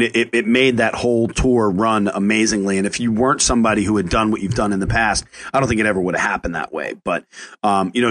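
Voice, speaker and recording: In casual podcast chat, a man who's a chef and the show's host swears freely and tells stories with lots of energy. He frequently trips into restarts, speaking in a medium pitch.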